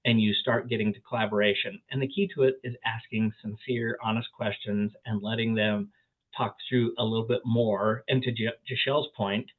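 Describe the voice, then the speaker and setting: A man teaching a negotiation class in an animated way, often repeating words and asking rhetorical questions. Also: lowish voice, moderate pace. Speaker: real estate trainer. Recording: tinny phone-like audio.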